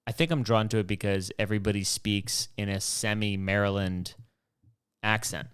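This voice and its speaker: A man hosting his own podcast, rambling through past episodes in a joking, animated way and swearing freely. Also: lowish voice, normal speed, clear, resonant tone. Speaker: podcast host. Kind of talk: rambling solo podcast monologue.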